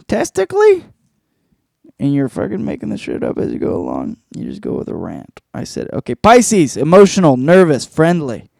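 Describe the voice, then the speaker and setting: A man's voice: mid-range voice, gravelly, warm tone, no room sound, clean studio sound. A man hosting his own solo comedy podcast, rambling, profane and mocking himself as he goes. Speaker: podcast host.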